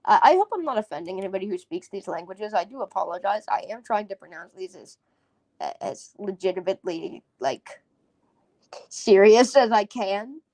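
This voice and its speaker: A woman's voice: mid-range voice, animated, normal speed, warm tone, no echo. A woman hosting a casual solo podcast, rambling and giggling as she sounds out foreign words. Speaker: podcast host.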